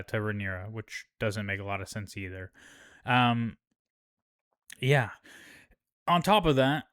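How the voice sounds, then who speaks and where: Male host, resonant clear voice, mid pitch, laid-back slangy recap style with swearing and fillers. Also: no echo, studio quality. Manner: slangy, profane, rambling with fillers. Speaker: show host. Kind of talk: casual TV episode recap.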